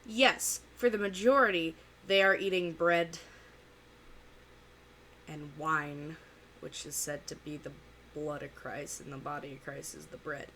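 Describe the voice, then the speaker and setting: A woman giving casual, rambling reaction commentary full of fillers and pauses. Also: low-pitched, steady tone, fairly bright tone, a little hiss or hum. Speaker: reaction video host.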